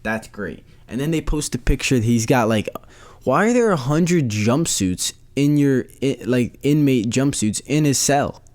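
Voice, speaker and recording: A man's voice: medium pitch, expressive, measured pace, a little mellow. Rambling incredulous male podcaster. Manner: rambling, repeats phrases, incredulous. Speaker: podcast host. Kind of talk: casual solo podcast rant.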